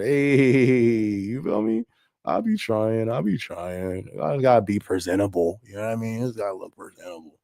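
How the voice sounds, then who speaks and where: A man's voice: on the low side, expressive, moderate pace, vocal fry, dark tone, no echo, studio quality. A man hosting a casual podcast stream, reading viewer comments aloud in a laid-back way and often checking in with "you know what I mean". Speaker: podcast host and rapper.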